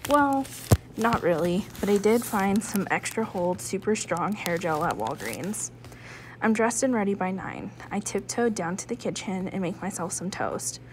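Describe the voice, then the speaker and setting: A woman, a school librarian, reading a chapter book aloud in a lively first-person narration with hushed asides. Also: mid-range voice, unhurried, noisy background.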